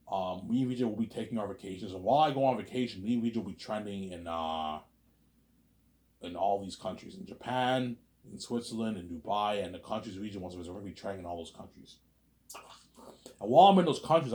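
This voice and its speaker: Man, lower pitch, casual vlog monologue; rambling, stop-start delivery swinging from excited to mumbled. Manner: rambling, repeats words and restarts, jumps between loud excited bursts and low mutters. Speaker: vlogger.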